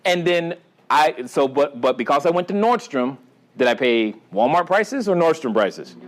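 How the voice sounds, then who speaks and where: Male seminar host, high and very lively pitch, playful storyteller quizzing a live crowd. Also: normal speed. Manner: animated storyteller, quizzes the audience, acts out dialogue. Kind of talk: live seminar talk with audience interaction. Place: event room with a live audience.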